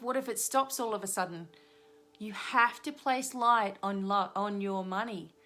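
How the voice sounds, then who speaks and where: A middle-aged woman talks through a live-streamed card reading. She coaches her listeners in an earnest, repetitive way, at a middle pitch. Faint music plays in the background. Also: a bit bright. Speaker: spiritual reader and hypnotherapist. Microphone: webcam or phone on a live stream.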